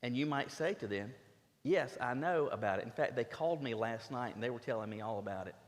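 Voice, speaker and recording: A man preaching a sermon as a pastor, emphatic and earnest, often stumbling into quick restarts as he drives his points home. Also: medium pitch. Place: church sanctuary. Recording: long reverb of a church sanctuary.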